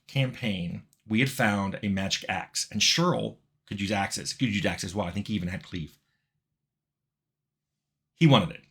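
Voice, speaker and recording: A middle-aged man casually telling a funny anecdote in a relaxed, wry way, sometimes laughing as he goes. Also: mid-range voice, vocal fry. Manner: relaxed, wry, laughs at his own story. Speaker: game developer telling a story.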